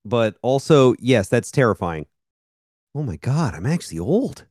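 A man's voice: mid-range voice, big pitch swings, a little slow, a little mellow, dry recording, studio quality. A man in his thirties co-hosting a podcast, rambling and self-mocking with casual profanity. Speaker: podcast co-host. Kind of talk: casual chat.

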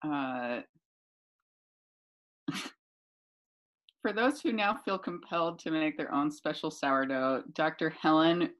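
A woman's voice: deep voice, slow pace, pauses often, fairly bright tone. A woman co-hosting a podcast in casual chat, playful and giggly, reading out odd news items. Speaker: podcast co-host.

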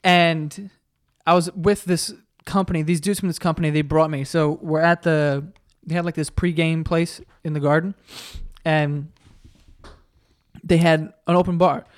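A young man co-hosting a podcast, talking fast and casually with lots of swearing, his voice cracking now and then. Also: on the high side, steady tone, no room sound, studio quality. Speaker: podcast co-host. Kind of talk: casual chat.

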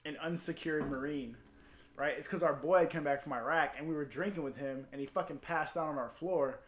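A man's voice: on the high side, fairly quick, fairly bright tone, roomy sound. A former Marine telling a story in casual, profane chat and acting out the people he quotes.

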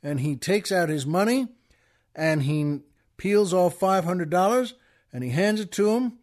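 A man's voice: high voice, expressive, measured pace, darkish tone. A man hosting a podcast, casually telling a joke as a rambling storyteller with many restarts. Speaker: podcast host.

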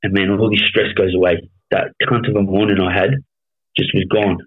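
An Australian man in his thirties with a lowish voice tells his story bluntly, swearing often and checking in with "you know what I mean." The sound is thin and tinny, like a phone line. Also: level tone, normal speed, breathy edge. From Melbourne, Australia. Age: 30s. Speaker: podcast guest. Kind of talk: casual storytelling interview.

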